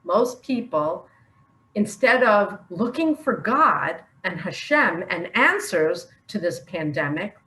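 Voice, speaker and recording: An older woman talks from the heart in a personal video, emotional and earnest, often breaking into laughter. Her pitch swings widely while her pace stays slow and drawn out. The room around her is echoey. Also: very animated, bright, forceful tone. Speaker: online religious speaker.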